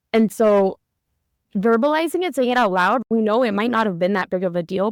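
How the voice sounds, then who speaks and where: A woman in her thirties, a therapist co-hosting a podcast, telling a parenting story in an animated way and acting out the lines she quotes. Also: medium pitch, no room sound, studio quality. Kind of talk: conversational podcast discussion.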